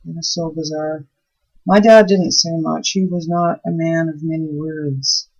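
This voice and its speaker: A woman's voice: low-pitched, steady tone, a little slow, a little mellow. A woman chatting casually while making soap, telling stories and easily delighted. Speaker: soap maker and channel host. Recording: dull, muffled recording.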